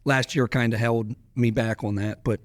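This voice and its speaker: Animated, swearing young man telling a road story. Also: medium pitch, normal speed, no room sound, clean studio sound. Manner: animated, swears freely, laughs often. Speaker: record-setting drag racer, guest. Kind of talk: casual storytelling.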